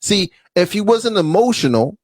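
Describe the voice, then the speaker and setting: A man's voice: high voice, moderate pace, no echo. A man co-hosting a casual radio podcast, telling a story and acting out the quotes. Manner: animated storyteller, acts out quotes. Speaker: co-host. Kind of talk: casual chat.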